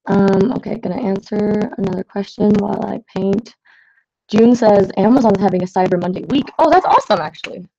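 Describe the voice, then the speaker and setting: A woman's voice: medium pitch, brisk, gravelly, dark tone. A young woman chats loosely with her livestream viewers while she paints at home. She wanders from thought to thought, stacks up fillers, and laughs at herself. Her voice comes through slightly dull, lo-fi stream audio. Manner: scattered and self-deprecating, many fillers and okays. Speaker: artist livestreaming to patrons.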